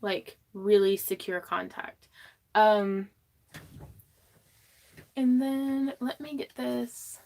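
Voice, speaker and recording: A woman's voice: mid-range voice, drawn-out words, gravelly, pauses often, darkish tone. A woman hosting a casual craft livestream from her home craft room, chatting, laughing often and reading viewer comments aloud.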